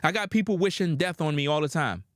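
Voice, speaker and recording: A man delivering street-style preaching commentary in an emphatic, slangy way with drawn-out dramatic pauses. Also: fairly high pitch, no echo, clean studio sound.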